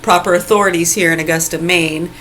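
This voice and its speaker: A woman with a lowish voice rants into her phone, angry and sarcastic, swearing freely and mocking people as she goes. A faint hum sits behind her. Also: fairly even intonation, fairly quick, a bit bright, rough recording. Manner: mocking, with bursts of laughter. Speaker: vlogger. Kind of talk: ranting vlog monologue. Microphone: phone video recording.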